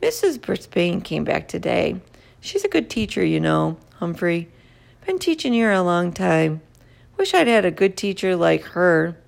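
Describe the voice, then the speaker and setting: A woman's voice: on the low side, big pitch swings, measured pace, creaky, exaggerated voice. A woman voicing a jolly, talkative male night janitor in a storybook reading, with a chatty, jokey, friendly manner.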